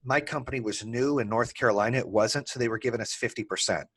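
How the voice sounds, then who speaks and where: A man telling the story of building his business in an animated, candid way, swearing casually and acting out both sides of old arguments. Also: mid-range voice, fast talker, slightly rough.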